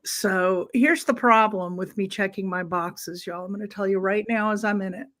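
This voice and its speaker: A woman's voice: mid-range voice, normal speed, a bit bright, a little hiss or hum. A woman, co-hosting a casual live chat with friends in a playful, laughing manner. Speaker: co-host.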